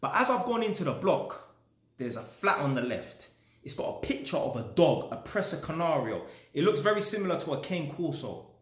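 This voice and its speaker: Animated storytelling man, roomy echo. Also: a little high, moderate pace. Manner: animated, swears, tags lines with "yeah?". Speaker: vlogger. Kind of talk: casual storytelling.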